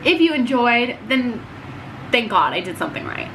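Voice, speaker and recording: A woman's voice: a little high, very animated, normal speed, creaky, a bit bright, a little hiss or hum. A young woman telling a story about her job to camera in a casual, chatty way, with lots of "like" and acted-out quotes. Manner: chatty, peppered with "like", acts out quotes. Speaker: vlogger telling work stories.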